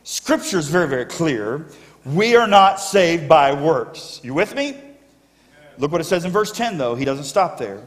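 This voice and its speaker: Male pastor preaching with emphatic call-and-response, slightly high voice, long church-hall echo. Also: big pitch swings, a little slow. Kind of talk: sermon. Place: church sanctuary. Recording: echoey church sanctuary.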